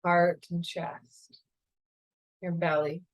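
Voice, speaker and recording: A woman yoga teacher leading a guided meditation in a slow, calm, soothing way. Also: fairly low pitch, low-quality recording. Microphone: camera mic, seated on a chair.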